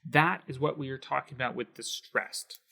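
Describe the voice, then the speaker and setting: A man's voice: mid-range voice, normal speed, creaky, bright, forceful tone. A man teaching a Spanish lesson on video, explaining with emphasis and sounding out words syllable by syllable.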